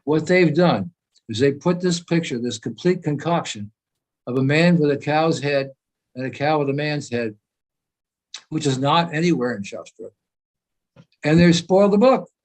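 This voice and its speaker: A man's voice: fairly high pitch, darkish tone, rough recording. Emphatic older man with restarts. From United States. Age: 80s. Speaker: senior devotee speaker. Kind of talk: informal talk in a meeting.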